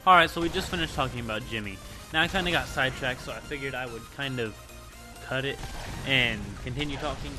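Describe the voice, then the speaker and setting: A young man casually telling a school story on his vlog, rambling and excitable, with lots of filler words. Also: medium pitch, fast talker, over music. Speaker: gaming channel host.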